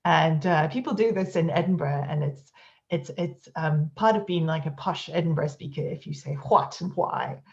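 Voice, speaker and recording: A woman's voice: deep voice, moderate pace, gravelly, a little mellow, lo-fi sound. A woman giving an academic conference talk, hesitant and full of fillers, over a video call. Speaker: conference speaker. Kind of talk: academic lecture.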